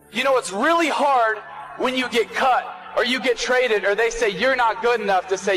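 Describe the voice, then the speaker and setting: An earnest man from the United States delivers a sermon-like talk on faith, his voice pitched very high for a man. He pushes into shouts at his peaks. Faint music runs behind him. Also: fairly even intonation, normal speed, low-quality recording. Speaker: Christian speaker. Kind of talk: sermon-like motivational speech.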